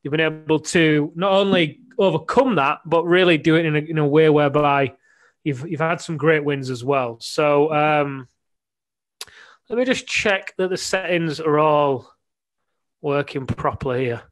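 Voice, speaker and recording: An English man with a fairly high voice hosts a live coaching stream, chatty and playful. He fills the talk with quick asides and banter. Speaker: men's coach hosting a live show. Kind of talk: casual live-stream interview.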